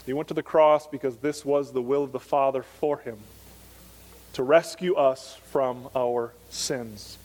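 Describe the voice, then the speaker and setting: A male pastor preaching a Sunday morning sermon, earnest and emphatic, slowing down to stress key phrases. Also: medium pitch, fairly even intonation, darkish tone. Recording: long church reverb.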